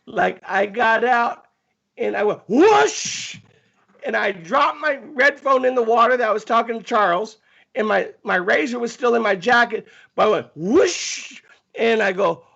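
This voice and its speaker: A man telling a long story in casual talk, animated and often stammering as he restarts his sentences. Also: high-pitched, normal speed, gravelly, lo-fi sound.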